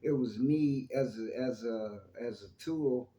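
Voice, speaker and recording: Rambling mellow-voiced man in an echoey room. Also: mid-range voice, slow, highs cut off. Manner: rambling, chatty, addresses viewers as y'all. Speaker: YouTube channel host. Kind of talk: casual spoken monologue on faith.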